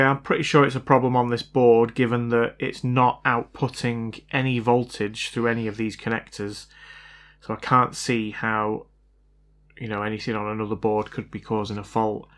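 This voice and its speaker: A man's voice: mid-range voice, little pitch movement, moderate pace, fairly bright tone. A man talking through a repair as he works, thinking aloud and often unsure of himself. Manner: hesitant, unsure, self-doubting. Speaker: hobbyist repair vlogger. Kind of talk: casual thinking-aloud commentary.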